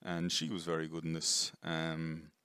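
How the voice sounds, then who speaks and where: Man, very low voice, bright tone, casual movie review, rambling and profane, dry close sound. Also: monotone, a little slow, clean tone, no room sound. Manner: rambling, chatty, swears casually, many fillers. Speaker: film reviewer.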